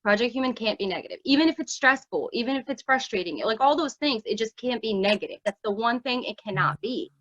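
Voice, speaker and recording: A woman's voice: fairly high pitch, lively intonation, fast talker, hardly any pauses, a bit bright, no echo. A woman founder speaking in a casual conversation, earnest and reflective, restarting her sentences. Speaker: project founder. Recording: dull, dry recording.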